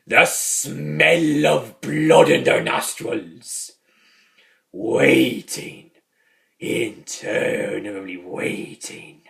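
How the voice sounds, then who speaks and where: A man putting on a slow, whispery old grouch priest. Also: mid-range voice, vocal fry, a bit bright, heavily acted. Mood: ominous. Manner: slow, drawn-out, dropping into whispers. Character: cranky old drunken male priest, ominous.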